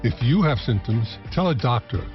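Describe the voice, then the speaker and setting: A man's voice: mid-range voice, very animated, normal speed, muffled recording, faint music behind. A man reading a scripted radio ad as an earnest personal testimonial. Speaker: ad spokesperson.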